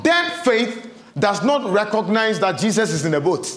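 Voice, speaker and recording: A man preaching a sermon as pastor, emphatic and repeating his questions in a lively cadence, recorded in a church hall. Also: high-pitched, normal speed. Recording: roomy hall echo.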